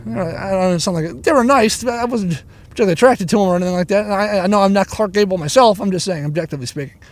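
A man's voice: high-pitched, no echo. A man ranting and telling a long story in a parked-in-traffic car, swearing constantly and restarting his sentences as he talks into a handheld recorder. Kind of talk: rambling profane storytelling. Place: inside a car stuck in traffic.

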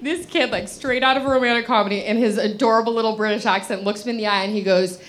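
A high-voiced woman tells a comic story to a live audience, bubbly and breathless. She keeps laughing between lines and acts out her own past thoughts. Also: steady tone, quick pace, crowd noise. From Los Angeles. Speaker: comedic storyteller.

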